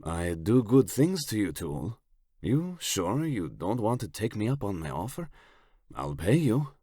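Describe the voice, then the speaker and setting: A man voicing a menacing, slick Italian crime boss in an audiobook, with a put-on Italian accent and a slow, smug, suggestive delivery. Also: fairly low pitch, big pitch swings, warm tone, slightly rough, dry recording, studio quality, pitched above the performer's own voice, exaggerated voice. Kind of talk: audiobook character voice.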